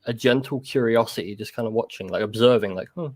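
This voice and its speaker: A man recounting a personal encounter in casual conversation, halting and full of restarts and "like". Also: fairly low pitch, no echo.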